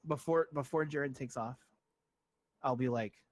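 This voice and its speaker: A man's voice: medium pitch, measured pace, long pauses, dry recording. A man playing a tabletop game in an easygoing, stumbling way, speaking his character's lines in his own voice. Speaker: player.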